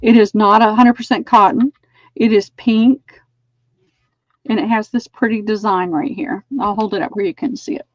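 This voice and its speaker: A woman's voice: medium pitch, steady tone, moderate pace, no echo, lo-fi sound. A woman hosting a live online sale, chatting as she measures and describes items. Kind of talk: live-streamed sale pitch.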